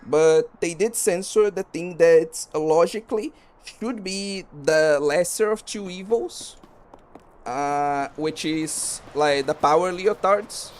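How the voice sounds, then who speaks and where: Rambling gamer guy, slightly high. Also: takes it slowly, a little hiss or hum. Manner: rambling, many fillers. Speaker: streamer. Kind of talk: casual commentary while gaming.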